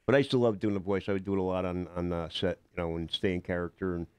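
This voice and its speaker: A man's voice: low voice, quick pace, smooth, no echo. An older man, a guest actor on a radio show, telling rambling stories in casual talk, with many fillers and restarts. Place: radio studio.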